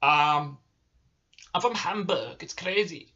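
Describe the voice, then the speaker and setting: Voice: mid-range voice, slow, bright, forceful tone, dull audio, exaggerated voice. A vlogger attempting a mock German accent in short, clipped sentences. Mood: deadpan. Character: mock German man from Hamburg.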